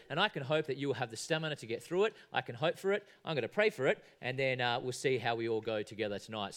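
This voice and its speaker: An Australian man in his thirties, an assistant minister giving a conversational sermon in a church with a joking tone and frequent fillers. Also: medium pitch.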